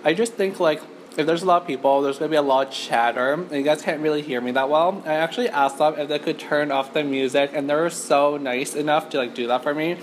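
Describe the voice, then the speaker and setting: A woman's voice: deep voice, fast talker, a little hiss or hum. A woman from Canada hosting a chatty mukbang eating show in an empty restaurant, talking to the camera with lots of "like" fillers. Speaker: mukbang host.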